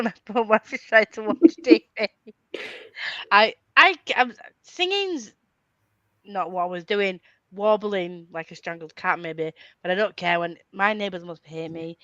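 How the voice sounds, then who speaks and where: A woman's voice: on the low side, fairly bright tone, no echo, muffled recording. A young woman hosting a casual reading-sprint chat, laughing a lot and swearing now and then. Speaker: host.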